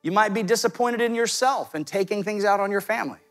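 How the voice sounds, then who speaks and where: Man, Southern accent, pastor, sermon, higher pitch, conversational, faint music behind. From American South. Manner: conversational, direct, with quick asides.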